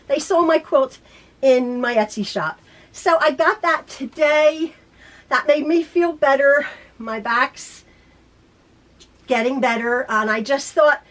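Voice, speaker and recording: A middle-aged woman in back pain, chatting casually to her quilting viewers in a rambling way with many restarts. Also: high voice. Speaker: quilting YouTuber. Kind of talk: casual chat to camera. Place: home sewing room.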